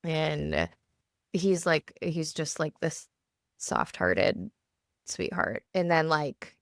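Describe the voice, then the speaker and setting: A woman in her thirties co-hosting a podcast, talking casually in a halting way full of fillers and restarts, recorded at home in a basement. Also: deep voice, big pitch swings, dry recording, clean studio sound. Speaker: podcast co-host. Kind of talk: casual chat.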